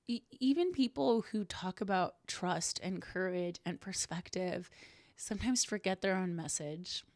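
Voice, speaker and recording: A young woman hosting a solo podcast, talking earnestly and reflectively, with soft laughs now and then. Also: lowish voice, unhurried, dry recording, clean studio sound. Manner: earnest, warm, self-reflective, laughs softly. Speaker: podcast host.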